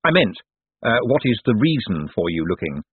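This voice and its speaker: A man's voice: lowish voice, very animated, normal speed, husky, dry recording, heavily acted. A man voicing a glib, articulate young man in charge who speaks in a wordy, ironic way over a tinny phone-like line.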